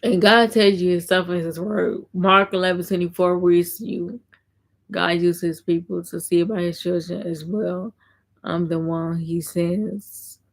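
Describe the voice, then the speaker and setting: Earnest woman with a flat, gravelly voice. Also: lowish voice. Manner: reads viewer comments aloud and answers them; earnest, repeats herself. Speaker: content creator. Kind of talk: casual faith talk on a live stream.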